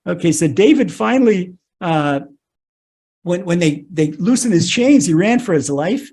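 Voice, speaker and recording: Animated husky rabbi telling a story. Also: male voice, sits high, measured pace. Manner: animated, restarts phrases, many "okay"s. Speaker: rabbi teaching. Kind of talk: storytelling scripture lesson.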